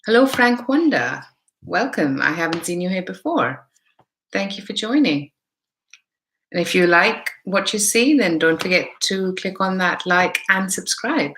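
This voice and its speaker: Hosting a chatty live tarot stream, this woman with a mixed Indian accent greets viewers by name and reasons aloud over the cards. She speaks expressively and unhurriedly in a fairly low, slightly bright voice, with a little hiss or hum in the audio.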